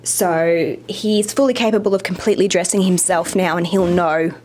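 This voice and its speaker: Young woman vlogger, slightly breathless, chatty, low-ish register, faint hiss behind. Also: steady tone, normal speed, darkish tone. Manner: chatty, apologetic asides. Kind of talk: casual home tour narration.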